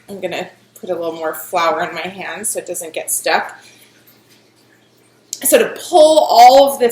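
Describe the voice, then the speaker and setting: The audio here is low quality and echoey: a woman with a medium-pitched voice casually demonstrates how to make bread at home. She chats and giggles as she explains every step.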